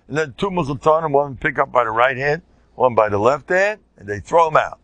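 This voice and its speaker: An older man with an American Orthodox Jewish English accent, a rabbi telling stories in an informal Torah class and bursting into loud shouted quotes. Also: mid-range voice, animated, fairly quick, no room sound. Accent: American Orthodox Jewish English with Yiddish words. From United States.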